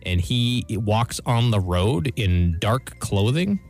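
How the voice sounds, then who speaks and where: A man's voice: lowish voice, animated, slow pace, darkish tone, faint music behind. A man co-hosting a morning radio show, chatting with small hesitations and reading quiz questions. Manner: hesitant, lots of uh and restarts. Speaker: radio co-host.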